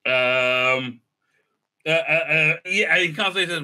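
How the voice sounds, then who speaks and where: A man's voice: fairly high pitch, fairly even intonation, measured pace, sharp tone. A man reviewing a TV episode in a casual, rambling recap, mocking and sarcastic about what he watched. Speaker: show reviewer.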